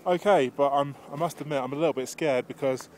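Breathless male vlogger on a mountain ridge, chatty and rambling, mid-pitched voice, faint wind noise. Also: fast talker. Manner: rambling, chatty, with many fillers. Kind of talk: casual handheld vlog narration. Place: outdoors on a high mountain ridge.

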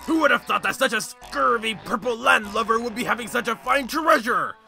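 Man voicing a gravelly bright pirate-talking bandit boss, boisterous, faint music behind. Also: extremely high pitch, lively intonation, moderate pace, full character voice. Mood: hammy. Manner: hammy pirate talk, boisterous. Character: blustering male sky-pirate boss talking like a pirate.

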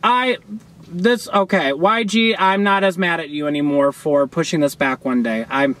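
A young man reacting to a music video from his car, gushing and sassy, with loud outbursts and laughter. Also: on the high side, moderate pace. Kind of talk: excited reaction commentary. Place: in a parked car outdoors.

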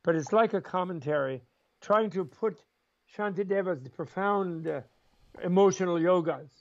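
An older man speaks as a guest in an interview, his voice pitched high with a gravelly edge. He tells rambling, chuckling stories and slips into quoted voices along the way. The recording sounds dull and lo-fi. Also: moderate pace. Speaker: interview guest, Buddhist scholar. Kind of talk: animated storytelling in conversation.

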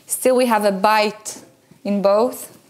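A woman's voice: medium pitch, fairly even intonation, slow pace, background noise. A woman hosting a cooking show, demonstrating a recipe in a playful, enthusiastic way and sprinkling in Italian words.

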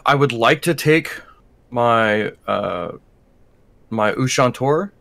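A man's voice: mid-range voice, lively intonation, slow pace, creaky, fairly bright tone, dry recording. A man playing a tabletop role-playing game, chatting casually and often trailing off mid-thought. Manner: hesitant, trailing off. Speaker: player.

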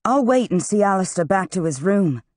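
An audiobook narrator voicing a stubborn, protective young man, pitched up and insistent. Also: sing-song, moderate pace, darkish tone, no echo, close to an everyday voice.

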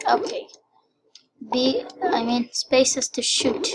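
A high-pitched woman chatting through her first game with an unhurried, drawn-out delivery. She is excitable, slipping into breathy whispered asides one moment and squealing cheers the next, all in casual game-commentary style. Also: slight background noise. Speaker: gameplay commentator.

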